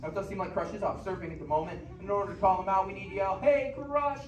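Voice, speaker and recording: A man hosts a live show, calling out safety rules and cues to the crowd in a loud, upbeat voice that sits high. He is caught from far off in an echoey theater with noise around him. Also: steady tone, rapid-fire. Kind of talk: live pre-show announcements.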